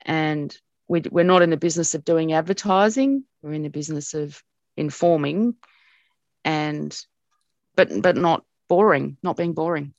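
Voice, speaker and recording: A middle-aged Australian woman, a broadcast journalist, telling stories about her past in an animated way with frequent laughs. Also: deep voice, unhurried, no echo, lo-fi sound. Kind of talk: reminiscing in an interview.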